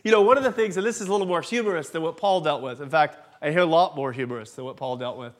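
A man's voice: a little high, quick pace. A man, preaching a sermon and telling a chatty, self-deprecating personal story, a little congested from allergies. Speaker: pastor.

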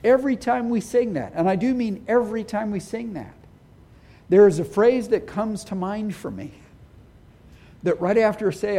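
A man's voice: sits high, moderate pace, warm tone. A middle-aged man preaching a sermon as pastor, speaking earnestly and with emphasis.

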